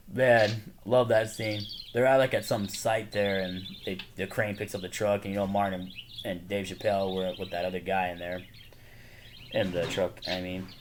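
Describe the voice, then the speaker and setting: A man casually chatting to camera about his movie collection, excitedly rambling through favorite scenes. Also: fairly low pitch. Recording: noisy home recording with birds chirping behind.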